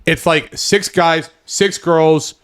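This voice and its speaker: Chatty man telling animated stories. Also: fairly high pitch, takes it slowly, clean tone. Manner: animated storyteller, loose and chatty. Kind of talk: casual podcast chat.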